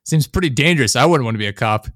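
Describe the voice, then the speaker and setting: A young man chatting casually, rambling and sarcastic, often mimicking people in high mocking voices. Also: animated, fast, fairly bright tone, dry recording, studio quality. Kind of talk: casual chat.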